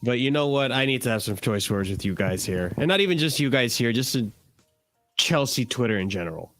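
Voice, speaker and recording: A man's voice: mid-range voice, lively intonation, a little fast, a bit bright, faint music behind. A man co-hosting a fan livestream, ranting in a profane, heated way and saying he is cranky from too little sleep. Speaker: livestream co-host.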